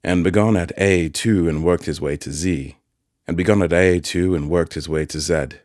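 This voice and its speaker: A man voicing a kindly, simple-spoken village blacksmith in an audiobook, with earnest, gentle country speech. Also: sits low, steady tone, normal speed, no room sound, studio quality, natural voice. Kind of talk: audiobook character voice.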